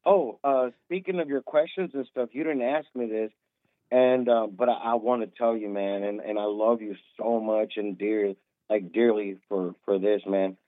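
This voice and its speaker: A man's voice: lowish voice, steady tone, moderate pace, dry recording. Tipsy guy in his 30s calling in, rambling, tinny phone sound, very dry. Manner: rambling, repeats and restarts a lot. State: tipsy from drinking. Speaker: caller. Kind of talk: casual call-in talk.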